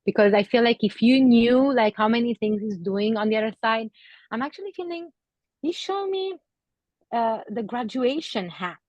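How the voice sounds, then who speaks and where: A woman giving a psychic reading to an audience member, speaking gently and hesitantly with many pauses and fillers, and getting emotional. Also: on the high side, expressive, no room sound. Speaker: psychic medium.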